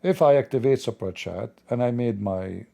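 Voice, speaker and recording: Gravelly, dark-voiced man mocking on stream. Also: medium pitch, normal speed. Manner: sarcastic, mocking; non-native English grammar. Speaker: livestream host. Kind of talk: livestreamed commentary.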